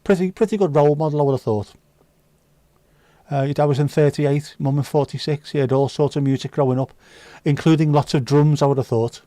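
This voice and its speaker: A man's voice: a little high, steady tone, brisk, dark tone, dry recording. A man hosting a livestream, reading viewer comments aloud with sweary, jokey banter. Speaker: livestream host. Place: indoors.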